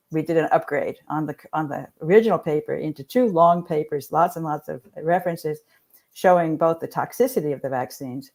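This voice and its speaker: A woman's voice: low voice, a little mellow. A woman scientist, a guest on a podcast, explaining her research while searching for words. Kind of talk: podcast discussion.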